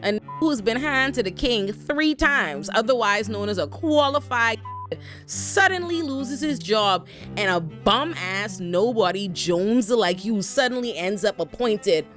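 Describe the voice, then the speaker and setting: Picture a brash young nobleman taunting a rival knight, as a woman puts him on in a recap. He drags his words out slowly, sarcastic and accusing, and his voice sits above her usual register. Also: mid-range voice, lively intonation, fairly bright tone, soft background music, voice pushed up.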